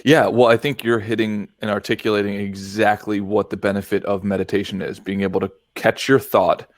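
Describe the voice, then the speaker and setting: A man hosting a podcast, explaining ideas step by step in a measured, conversational way. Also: on the low side, level tone, dry recording, studio quality. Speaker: podcast host. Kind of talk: casual conversation.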